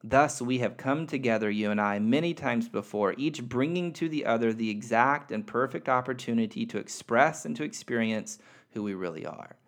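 A man voicing a gentle loving spirit. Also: mid-range voice, normal speed, hardly any pauses, lightly acted. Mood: tender. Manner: tender, reassuring, quiet. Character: gentle, loving, playful friendly soul spirit.

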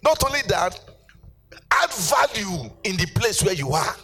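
A middle-aged man preaches in a church, his voice pitched high for a man as he swings from storytelling into sing-song calls to the congregation. Faint music plays beneath his sermon. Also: sing-song, unhurried, pushed and bright. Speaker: pastor.

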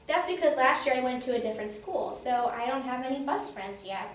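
Shy lonely little boy, read by a woman, quiet and soft, roomy distant sound. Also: high-pitched, lively intonation, fairly quick. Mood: glum. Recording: roomy, distant mic, faint hum.

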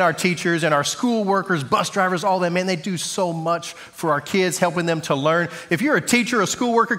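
A man's voice: high-pitched, a bit bright, long reverb tail. A man preaching as a pastor in a church, with a casual, joking, conversational manner. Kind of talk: sermon. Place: church sanctuary.

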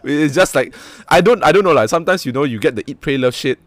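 A young man with a Malaysian English accent, hosting a casual podcast chat, blunt and animated, swearing freely. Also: on the high side, fast talker, no echo. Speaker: podcast host.

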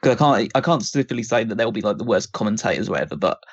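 A man on a podcast talks through his opinions in a critical, meandering way, with plenty of fillers. His voice is on the low side. The recording is dull and lo-fi, with a dry sound. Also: expressive, very fast, slightly rough, no echo. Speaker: podcast co-host. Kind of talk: casual podcast chat.

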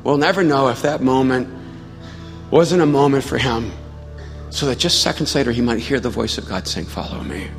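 A man preaching in a large church hall, spinning a story with self-mocking humor before easing into a hushed, prayerful appeal. His voice sits at an ordinary pitch and carries a long reverb through the room, with soft music playing underneath. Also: moderate pace. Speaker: pastor. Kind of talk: sermon.

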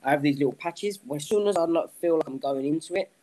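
A man's voice: a little high, quick pace, mellow, a little hiss or hum, poor audio. A man talking candidly as a guest in a casual podcast interview, rambling with frequent "you know"s. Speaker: guest, professional fighter.

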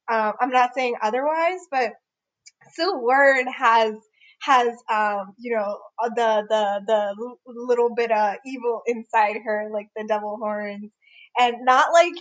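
A young woman co-hosting a casual podcast, chatting warmly about a friend, rambling with many fillers and restarts. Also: a little high, poor audio. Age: young adult. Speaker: podcast co-host. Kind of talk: casual chat among friends.

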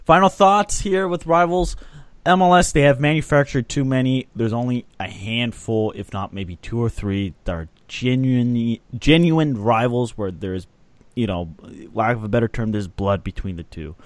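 Male podcast host, relaxed and opinionated, dry studio sound. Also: medium pitch, moderate pace, no echo. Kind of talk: casual sports chat.

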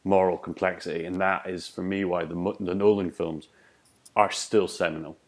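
A man's voice: low voice, level tone, moderate pace. A man hosting a podcast, chatting in a jokey way with frequent restarts. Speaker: podcast host. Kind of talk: casual chat.

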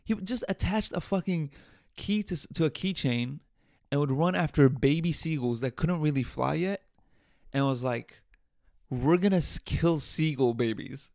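A man's voice: a little high, normal speed, creaky, dry recording. Male podcaster, casual profane storyteller, dry close sound. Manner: profane, animated storytelling with laughs. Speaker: podcast host.

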